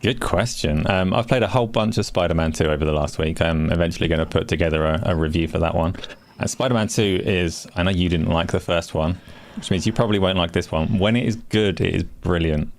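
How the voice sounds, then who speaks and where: A middle-aged man co-hosting a casual gaming talk show, measured and wry. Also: deep voice. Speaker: co-host.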